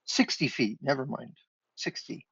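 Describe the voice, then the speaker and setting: A man running an online tabletop game as dungeon master, giving measured rulings and thinking aloud. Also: mid-range voice, creaky, a bit bright, breathy edge, dry recording. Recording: dry lo-fi online call audio.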